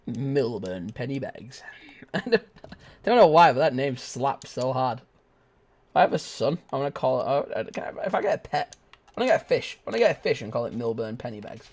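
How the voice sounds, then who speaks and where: A young man talks over a shooter game in a loose, rambling way, hopping between silly jokes, laughter and half-sung lines. His pitch leaps around constantly, from low mutters to high squeals. The tone is goofy gameplay chatter. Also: big pitch swings, fairly quick, a little mellow. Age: young adult. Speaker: gaming streamer. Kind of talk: casual live gameplay commentary.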